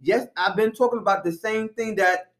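A man's voice: sits high, moderate pace, a bit bright, reverberant. A man co-hosting a podcast, arguing defensively and insistently in casual chat. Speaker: podcast co-host.

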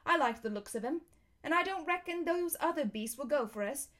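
A woman's voice: sits high, animated, fairly quick, fairly bright tone, voice pushed up. A woman doing a hearty, folksy cab driver. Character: plain-spoken, good-humored London cab driver, adult man. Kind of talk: reading a storybook aloud.

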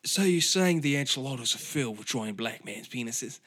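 Guy doing a mumbly half-hearted celeb chef bit, deadpan. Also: medium pitch, moderate pace. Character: impression of a celebrity male chef questioning staff.

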